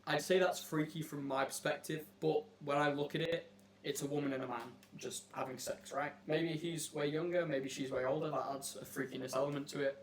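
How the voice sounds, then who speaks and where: A brash man with a slightly high voice talks in a casual, mock-serious way, weighing strangers' stories like a judge. A faint hum runs underneath the recording. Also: steady tone, fairly quick. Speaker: host asking strangers on a video chat app. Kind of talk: casual joking commentary.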